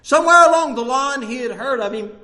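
Preacher guy, high voice, gets loud then goes quiet, laughs a lot mid-sermon. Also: brisk. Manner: animated, swings between loud bursts and hushed lines, laughs often.

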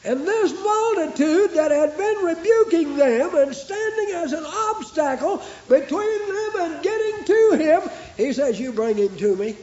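High-voiced fervent male preacher, echoey lo-fi. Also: expressive, a little slow, hardly any pauses. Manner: fervent, rhythmic repetition, rising into shouts. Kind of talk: sermon. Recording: echoey, dull lo-fi recording.

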